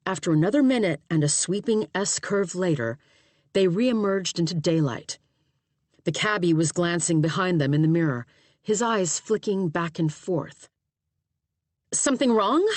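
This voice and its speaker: A woman narrates an audiobook in a steady, even manner. Her voice sits low, and the booth sound is dead dry with no room at all. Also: no echo. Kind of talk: scripted narration.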